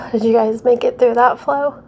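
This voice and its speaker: A woman's voice: a little high, a little hiss or hum. A woman guiding a casual yoga class at home, out of breath and sweaty, chatty and self-deprecating, with sighs between cues. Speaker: yoga instructor.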